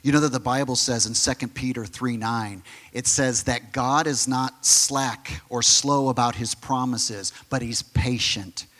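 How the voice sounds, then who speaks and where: A male pastor preaching a sermon, emphatic and conversational, who sometimes drops to a soft near-whisper on key phrases. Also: medium pitch, fairly even intonation, unhurried, few pauses. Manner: direct, conversational asides to the congregation.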